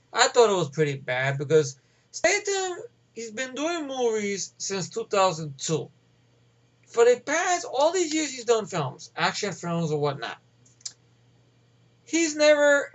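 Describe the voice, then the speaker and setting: A man's voice: on the high side, dull audio. A man ranting casually about a movie, rambling and swearing with many fillers. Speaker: movie reviewer.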